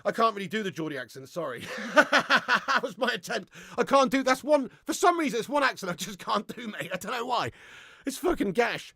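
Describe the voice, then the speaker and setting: Excitable sweary football watchalong host. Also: male voice, sits high, a little fast, gravelly, breathy edge, dry recording, clean studio sound. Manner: excitable, swears a lot, chats with viewers. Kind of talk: live watchalong commentary.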